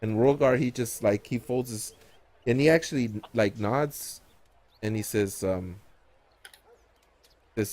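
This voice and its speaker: A man's voice: mid-range voice, slow, long pauses, a little mellow. A man narrating a tabletop game as game master in a casual, meandering way.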